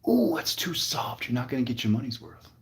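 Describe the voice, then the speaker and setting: A man voicing a smooth-talking flirty guy at a grocery store, speaking in a hushed, half-whispered, teasing way. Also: mid-range voice, very animated, a little fast, lightly acted.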